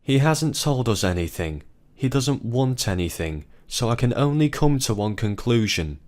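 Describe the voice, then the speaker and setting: A man voicing a distraught grown woman who confronts her husband, pleading and then shouting, in a story narration. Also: expressive, measured pace. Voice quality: low voice pushed higher for a woman.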